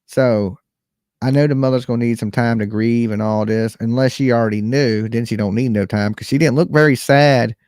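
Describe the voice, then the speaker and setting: A man's voice: mid-range voice, steady tone, normal speed, darkish tone, dry recording, clean studio sound. A man hosting a live stream, giving casual, chatty commentary straight to his viewers. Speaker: livestream host reacting to a recording.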